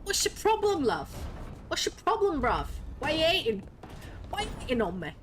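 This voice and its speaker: A woman's voice: high-pitched, huge pitch swings, a little fast, fairly bright tone, a little hiss or hum, pitched above the performer's own voice, exaggerated voice. A woman putting on an exaggerated, indignant mock-British accent as a cheeky working bloke.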